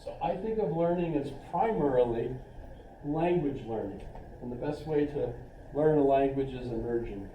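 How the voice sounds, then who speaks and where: A man's voice: mid-range voice, lively intonation, moderate pace, muffled recording, a little hiss or hum. A middle-aged man, a college philosophy instructor, giving a casual classroom lecture, chatty and rambling with joking asides. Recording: roomy classroom from a distance.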